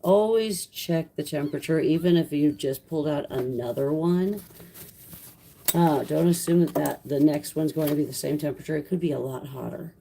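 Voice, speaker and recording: A woman's voice: low voice, moderate pace, gravelly, warm tone, slight background noise. A middle-aged woman who rescues kittens, chatting casually on a livestream in a sarcastic, chatty way while caring for kittens at home. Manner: sarcastic, chatty, talks to kittens and reads chat aloud. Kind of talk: casual livestream chat with viewers.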